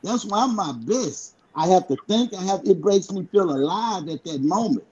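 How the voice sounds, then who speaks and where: Blunt, husky-voiced man arguing on a panel. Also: high voice, expressive, normal speed, darkish tone, lo-fi sound. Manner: blunt, emphatic, profane. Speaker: podcast panelist. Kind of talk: heated casual debate.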